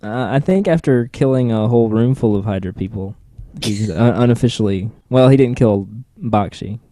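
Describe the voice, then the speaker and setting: A man's voice: medium pitch, moderate pace, warm tone, no echo, clean studio sound. A man co-hosting a podcast, chatting casually about TV episodes with joking, sarcastic asides. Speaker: podcast co-host. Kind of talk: casual TV recap chat.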